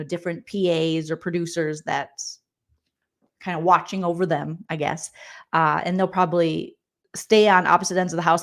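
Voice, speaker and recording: A woman hosting a live-stream recap of a reality show, chatting casually and joking with a sassy edge. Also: fairly low pitch. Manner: sassy, joking, acts out quoted people.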